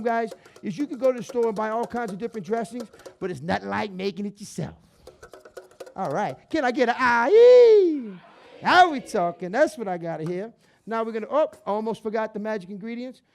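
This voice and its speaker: A man's voice: high voice, a little mellow. A man hosting a cooking demonstration, upbeat and chatty, calling his audience "guys" and "baby". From New Orleans area, Louisiana. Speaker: chef hosting a cooking show.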